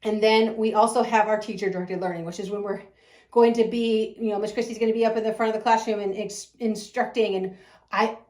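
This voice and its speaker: Speaking a little fast at medium pitch with a darkish tone and fairly even intonation, a preschool teacher and owner talks up her school. She's effusive and gushing, laughing frequently, and the recording sounds roomy.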